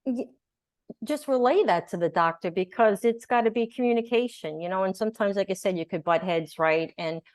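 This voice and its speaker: A woman guest in an interview, telling her story in a lively way and acting out what people said. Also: medium pitch, a little fast, dry recording, clean studio sound. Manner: animated storyteller, acts out quotes. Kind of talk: conversational interview.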